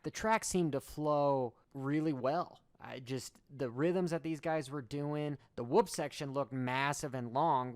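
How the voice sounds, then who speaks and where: A middle-aged man who is a motocross racer gives a sarcastic, animated commentary in his vlog, rambling from one point to the next. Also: medium pitch, clean tone, no echo, clean studio sound.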